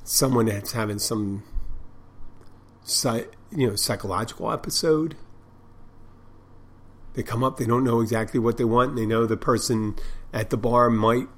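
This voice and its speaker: A man's voice: medium pitch, normal speed, long pauses. A man with an ordinary mid-range voice tells stories from behind the bar in a loose, meandering monologue. He swears freely and often circles back to restart his sentences. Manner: rambling, profane, with many restarts. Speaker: bartender and podcast host. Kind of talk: casual storytelling monologue.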